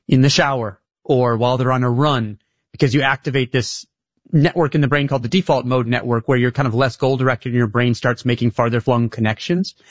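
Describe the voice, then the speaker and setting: A man's voice: medium pitch, no room sound. A man being interviewed as an author, explaining his ideas at length with occasional restarts. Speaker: author guest. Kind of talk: interview conversation. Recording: slightly dull, dry sound.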